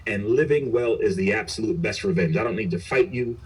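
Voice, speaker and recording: Man, middle-aged, husky voice, low pitch, earnest and reflective, recorded from a distance. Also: a little fast. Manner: earnest, reflective, frequent restarts. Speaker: police chief guest. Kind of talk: candid interview storytelling. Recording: voice picked up from a distance.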